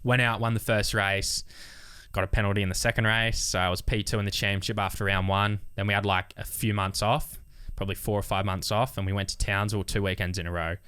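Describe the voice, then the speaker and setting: Young australian man, smooth low voice, animated storyteller, dry close sound. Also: quick pace, dry recording. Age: young adult. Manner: animated storyteller, acts out quotes with swearing. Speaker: racing driver guest. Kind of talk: casual storytelling chat.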